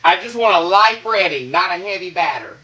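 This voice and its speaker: In a rough recording, a South Carolina man with a Southern accent hosts a casual cooking live stream. His high voice is sharp, brisk and full of lively intonation as he drawls sassy, playful greetings to viewers and hums little sound effects.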